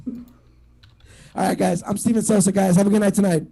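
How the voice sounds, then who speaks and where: A man with a fairly high voice works through a stand-up set. He rambles, swears freely and stumbles over restarts and a steady stream of fillers. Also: moderate pace, vocal fry, a crowd in the background. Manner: rambling, profane, lots of "like" and restarts. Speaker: stand-up comic. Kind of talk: stand-up set at an online open mic.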